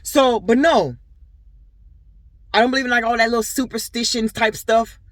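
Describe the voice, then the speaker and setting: A young adult woman who vlogs and owns a boutique speaks directly to her viewers in a casual personal vlog. Her voice is on the high side and fairly bright, at a moderate pace with no echo, as she tells stories in an earnest, rambling way full of fillers.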